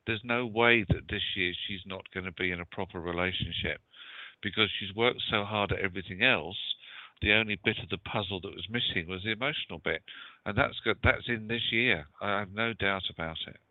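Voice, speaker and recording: A man's voice: lowish voice, fairly quick, dry recording. A man with a British accent, working as a psychic medium, giving readings in a hesitant, filler-heavy way, heard over a tinny phone line. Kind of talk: casual call-in chat.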